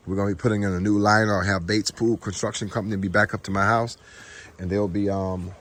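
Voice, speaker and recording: A man's voice: fairly low pitch, a little hiss or hum. A middle-aged man chatting casually and heartfelt to his viewers, filming outdoors at his home. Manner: easygoing, heartfelt, talks straight to viewers. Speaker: homestead vlogger. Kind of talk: casual talk to camera.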